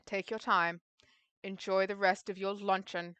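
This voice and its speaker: A woman voicing a stern, calm older female convent superior in a visual novel, speaking in a measured and formal way. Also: medium pitch, clean tone, no echo, lightly acted.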